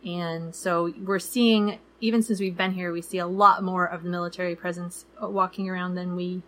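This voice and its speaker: A woman's voice: lowish voice, level tone, normal speed, fairly bright tone. A woman in her thirties co-hosting a travel podcast in casual chat, talking loosely with many fillers and acting out people she quotes. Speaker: podcast co-host.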